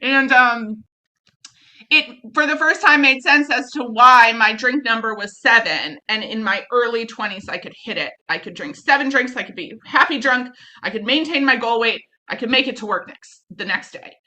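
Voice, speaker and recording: A woman's voice: fairly high pitch, normal speed, pushed and bright. A middle-aged woman telling her recovery story in a blunt, profane, self-mocking way, acting out the people she quotes. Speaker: speaker sharing recovery story. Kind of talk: candid personal story talk.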